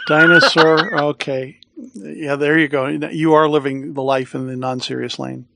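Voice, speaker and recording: Gravelly man asking follow-ups. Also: a little high, steady tone, measured pace, bright, forceful tone, dry recording. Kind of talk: casual chat.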